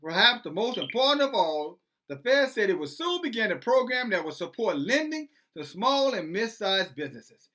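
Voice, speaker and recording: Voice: mid-range voice, big pitch swings, moderate pace, bright, forceful tone. An online commentator who reads news aloud and preaches about it in a sarcastic way, full of rhetorical questions.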